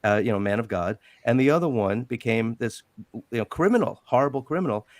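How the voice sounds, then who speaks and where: A middle-aged man retelling an old film story at length on a video call, rambling and animated, acting out quotes. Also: mid-range voice, a little fast, no echo. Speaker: guest on a live panel. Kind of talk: casual storytelling on a group call.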